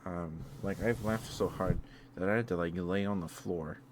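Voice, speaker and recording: A man's voice: low-pitched, steady tone, moderate pace, background noise. A young man chatting as an ASMR streamer, rambling with frequent laughs and restarts. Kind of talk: soft-spoken ASMR live stream chat.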